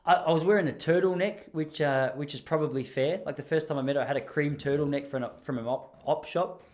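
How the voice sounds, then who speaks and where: A young man from Traralgon in Gippsland, Australia, hosts a podcast, telling rambling, self-mocking stories in his Australian accent. His voice is a little high with a darkish tone, and he talks fast in this casual storytelling.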